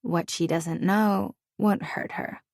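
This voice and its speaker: A woman's voice: fairly low pitch, steady tone, slow pace, vocal fry, a little mellow, no echo, studio quality, full character voice. A woman voicing a flirtatious, brash brunette at a party who talks in a crude, catty way.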